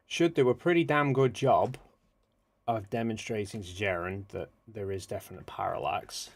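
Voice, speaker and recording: A man hosting a casual livestream, muttering quietly to himself as he works, then speaking up to address his viewers. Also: fairly low pitch, gravelly, slightly rough. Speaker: livestream host. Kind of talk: casual livestream chat, thinking aloud.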